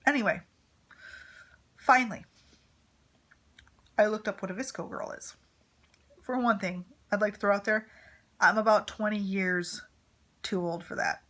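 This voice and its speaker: A woman's voice: medium pitch, a little slow, pauses often, a bit bright. A woman in her thirties, a mother vlogging to camera, telling a story in casual, rambling chat full of fillers and asides. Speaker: vlogger, mother of a teenage son.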